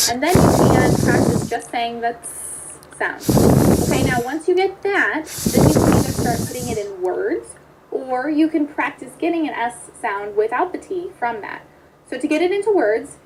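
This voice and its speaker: Woman, high-pitched, upbeat speech therapist explaining technique to camera. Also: expressive, normal speed, heavy background noise. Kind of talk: instructional video lesson.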